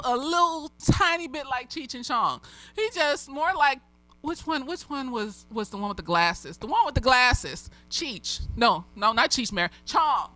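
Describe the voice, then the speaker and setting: A woman's voice: on the high side, sharp tone, low-quality recording. A slightly tipsy woman recapping a TV episode in a rambling, casual way, swearing freely and laughing often. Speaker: TV episode reviewer.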